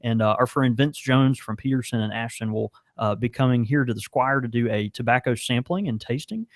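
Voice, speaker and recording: A man's voice: mid-range voice, a little fast, dry recording. Laughing man, dry close sound. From American South. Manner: laughs often, stumbles and restarts. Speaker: podcast co-host and pipe shop worker. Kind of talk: casual chat. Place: small pipe shop.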